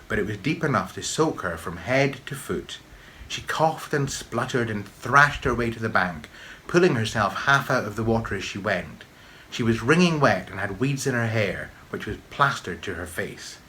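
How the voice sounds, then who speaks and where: A man reading aloud his own children's story with expressive, measured storybook narration. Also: on the low side, a little hiss or hum.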